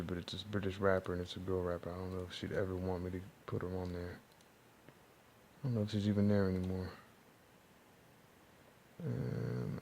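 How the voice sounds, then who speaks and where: A man's voice: deep voice, darkish tone, a little hiss or hum. A man talking casually and rambling, with many fillers, as he walks through his unfinished rap songs in a home studio. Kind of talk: casual talk to camera.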